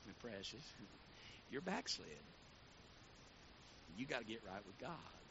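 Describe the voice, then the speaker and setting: A man's voice: medium pitch, very animated, a little slow, bright, forceful tone, muffled recording, a little hiss or hum, pitched below the performer's own voice, heavily acted. Man doing a syrupy sweet Southern churchwoman. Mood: gently scolding. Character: sweet gentle Southern churchwoman, blunt underneath.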